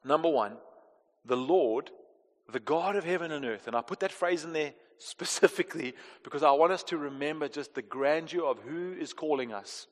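A man preaching a sermon as pastor, swinging between emphatic and hushed delivery. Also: fairly high pitch, animated, normal speed. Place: church hall. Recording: long reverb of a large hall.

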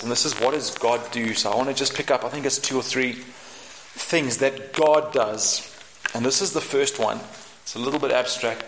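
A man preaching a sermon in an animated, humorous way, acting out the voices in the scripture. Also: mid-range voice. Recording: echoey room with background noise.

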